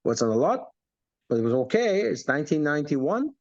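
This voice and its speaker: Man in his fifties, motivational coach, animated delivery, muffled dry recording. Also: fairly high pitch, normal speed, no echo. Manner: animated, acts out quoted voices. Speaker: network marketing coach. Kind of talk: motivational talk. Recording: dull, dry lo-fi sound.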